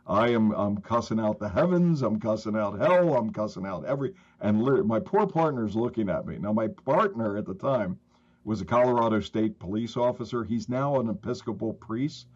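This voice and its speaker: Trauma therapist guest in his fifties: low-pitched, animated, halting storyteller, lo-fi recording. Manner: animated, halting, with frequent restarts. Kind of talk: emotional storytelling in conversation. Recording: slightly dull lo-fi audio.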